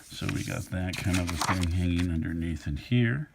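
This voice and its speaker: A middle-aged man with a low voice teaches a drawing lesson, musing aloud as he sketches. His tone is easygoing and unhurried, and his voice has a gravelly rasp. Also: heavy background noise. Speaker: art instructor. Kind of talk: relaxed drawing tutorial narration.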